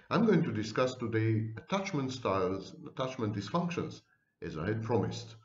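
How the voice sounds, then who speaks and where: A man's voice: on the low side, very animated, highs cut off. Wry lecturing man in an echoey room. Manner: wry, theatrical asides, slow deliberate emphasis. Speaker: psychology professor. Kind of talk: lecture to camera.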